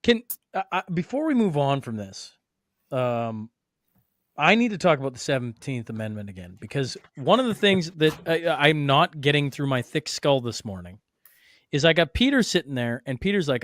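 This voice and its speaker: A man hosting a podcast, chatting casually about politics in a loose, self-deprecating way with quick asides. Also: fairly high pitch, sing-song, fairly bright tone, no echo, studio quality. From Alberta, Canada. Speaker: podcast host.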